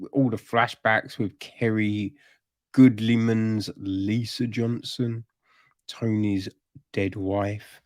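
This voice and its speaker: A man hosting a podcast, rambling on about a TV show at an unhurried pace, with plenty of fillers and pauses. He gets exasperated and swears as he rants. The recording is dry, with the mic close to him. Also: fairly low pitch, no echo. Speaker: podcast host reviewing a TV series. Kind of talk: casual solo review.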